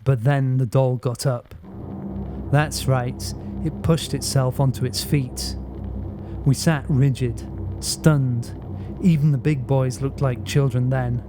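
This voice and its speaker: A man narrating a first-person horror story in a measured, steady storytelling voice. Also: medium pitch, background noise. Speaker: audiobook narrator.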